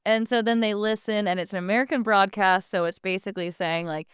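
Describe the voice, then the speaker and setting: A woman co-host with a very crisp, resonant voice at a middle pitch, heard dry and close. She retells a plot in a wry, casual way, with profane asides. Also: steady tone, fairly quick, hardly any pauses, no echo. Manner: wry, conversational storytelling. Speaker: podcast co-host.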